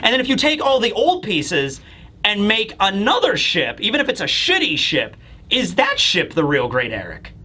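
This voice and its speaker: A man's voice: high voice, wildly swooping pitch, normal speed, pushed and bright, breathy edge. A man giving a casual, rambling comic-chapter review with many fillers, acting out characters as he goes. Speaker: manga reviewer.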